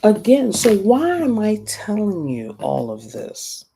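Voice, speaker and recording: A woman's voice: mid-range voice, huge pitch swings, slow pace, creaky, dark tone, a little hiss or hum. A middle-aged woman from Africa teaching a class, telling a personal story and acting out the voices of the people in it. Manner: storytelling, acts out quoted voices.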